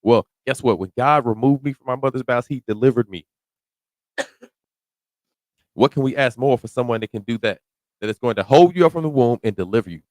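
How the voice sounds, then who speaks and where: A man preaching through a psalm verse by verse, close to the mic in a dry, deadened space. He reads the old scripture slowly and deliberately, then breaks it down in loose, slangy everyday talk that sometimes climbs to a shout. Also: medium pitch, expressive, no echo. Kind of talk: verse-by-verse sermon.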